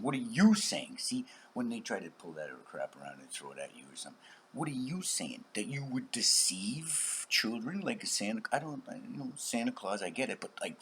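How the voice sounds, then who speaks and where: A man talks to his channel in a long, rambling monologue, bursting out loud and then dropping to a whisper. His pitch jumps around a lot, and faint background noise sits under the voice. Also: vocal fry. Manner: rambling, swings between loud outbursts and whispers, acts out voices. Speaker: channel host.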